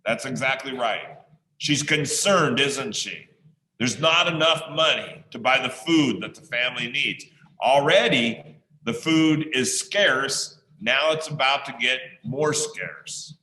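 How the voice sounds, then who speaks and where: A male teacher reading a story aloud to an online class, pausing often to ask the listeners questions. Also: medium pitch, lively intonation, pushed and bright. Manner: slow, pausing to quiz listeners. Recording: echoey room sound.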